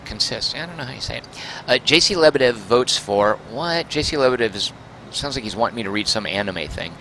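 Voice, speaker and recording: A man's voice: mid-range voice, animated, brisk, pushed and bright, slight background noise. A man streaming a game, chatting and muttering to himself, mildly exasperated with the controls. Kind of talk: casual game livestream commentary.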